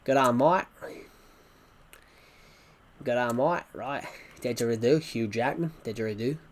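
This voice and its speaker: A man's voice: mid-range voice, measured pace, slight background noise, close to an everyday voice. A man doing a goofy put-on Australian accent, voicing a jokey Australian bloke who repeats stock phrases.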